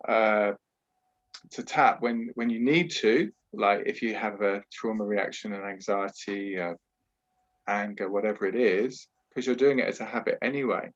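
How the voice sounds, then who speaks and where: A British trauma therapist, a man with a somewhat low voice, appears as a guest on a podcast interview held over a video call. He speaks at a moderate pace in an earnest, explanatory way, often saying "you know" and restarting sentences, and the call audio sounds muffled.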